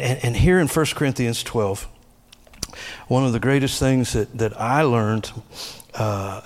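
A middle-aged man preaching a sermon, swinging between emphatic high bursts and quieter personal asides. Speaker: pastor.

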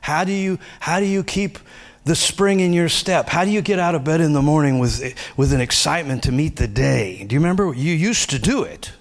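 A middle-aged pastor delivers a conversational sermon, swinging between loud, raised passages and hushed asides. His voice sits a little high and moves briskly.

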